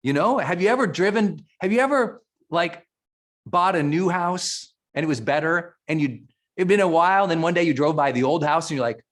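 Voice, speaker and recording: A man's voice: on the high side, fairly quick. A middle-aged man from Montana giving an emphatic, emotional motivational speech to a live audience, often restarting his sentences. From Montana, USA. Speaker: keynote speaker.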